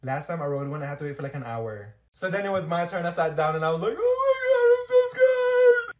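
A man voicing a sassy, dramatic teenage schoolgirl who tells stories loudly and with animation in a comedy skit. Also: a little high, fast, reverberant, lightly acted. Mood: excited. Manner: loud, animated storytelling.

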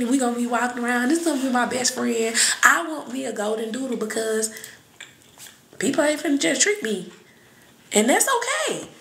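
A woman reading and chatting on a live stream, blunt and profane, with sudden shouts and laughs. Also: high voice, creaky, roomy sound. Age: adult with children. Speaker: psychic reader on a live stream. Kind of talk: casual live-stream talk.

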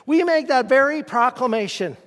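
Folksy high-voiced pastor in a reverberant church. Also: male voice, expressive, normal speed, a bit bright. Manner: folksy, asks the congregation questions. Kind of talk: conversational sermon. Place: church sanctuary.

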